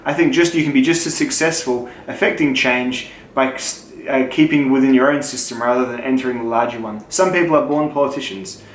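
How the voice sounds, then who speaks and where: Speaking at a fairly quick clip with hardly any pauses, this young adult channel host tosses out jokey, expletive-laced answers to his viewers' questions. He's Australian, with a medium-pitched voice, and the casual chat was recorded in an echoey room carrying faint noise.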